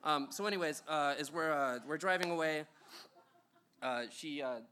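A man's voice: on the high side, moderate pace, background noise. A young man telling a funny personal story at a live show, rambling with lots of ums and uhs and chuckles.

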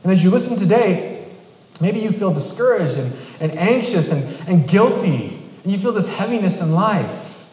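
In an echoey hall with long reverb, a New England pastor preaches in a conversational, storytelling style. His voice is on the high side, animated yet a little mellow, with a measured pace, and he shifts into quoted voices while telling a family story.

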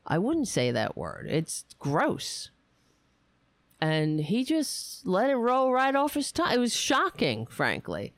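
A woman's voice: mid-range voice, huge pitch swings, slow pace, dry recording. A woman, raised on Staten Island, giving blunt, indignant political commentary and swearing freely into a close mic. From Staten Island, New York. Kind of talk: ranting casual commentary.

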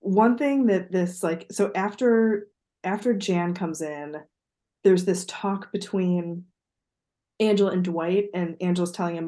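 A woman's voice: on the low side, measured pace, mellow. A woman co-hosting a podcast in casual chat, talking in a chatty, digressive way and laughing easily. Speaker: podcast co-host.

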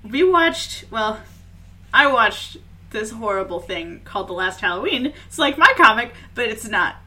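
A woman's voice: fairly high pitch, measured pace. A woman co-hosting a podcast, chatting casually and jokily, often laughing. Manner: animated, jokey, laughs often. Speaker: podcast co-host. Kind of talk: casual chat.

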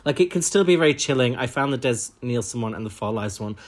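Guy, mid-pitched voice, blunt opinions, swears a lot, casual podcast chat. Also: animated, quick pace. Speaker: podcast co-host.

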